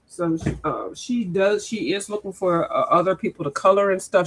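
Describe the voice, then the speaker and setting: A woman's voice: on the low side, moderate pace, hardly any pauses, low-quality recording. Chatty woman on a livestream. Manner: rambling, chatty, talks straight to the viewers. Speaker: coloring channel host. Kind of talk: casual livestream chat.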